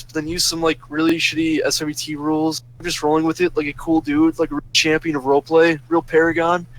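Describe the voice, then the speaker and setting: Man, fairly high voice, casual rant, sarcastic and profane. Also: a bit bright, rough recording. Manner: profane, sarcastic ranting that flares up angry. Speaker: storyteller ranting about a roleplay server. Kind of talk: casual ranting monologue.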